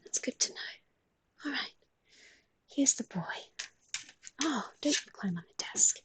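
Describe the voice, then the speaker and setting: A woman's voice: sits high, expressive, slow, a bit bright. A young adult woman with an Australian accent, chatting casually and affectionately on a live stream, swearing now and then and often dropping to a half-whisper.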